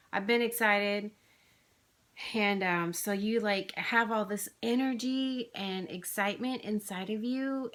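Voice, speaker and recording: A woman's voice: mid-range voice, fairly bright tone. A woman, rambling chattily with lots of fillers as she vlogs about her craft haul. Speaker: flosstube vlogger. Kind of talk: casual chatty haul video.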